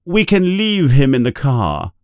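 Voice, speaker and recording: A man's voice: medium pitch, huge pitch swings, unhurried, darkish tone, clean tone, no echo, clean studio sound, pitched above the performer's own voice. A man voicing a cold, impatient aunt who speaks in curt, clipped orders in a storybook reading. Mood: annoyed. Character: sharp-tongued strict aunt, cold and impatient.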